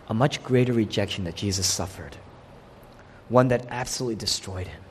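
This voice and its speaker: A man preaching a sermon with passion, rising to loud peaks and dropping to hushed lows. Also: in a large hall, slight background noise. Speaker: pastor.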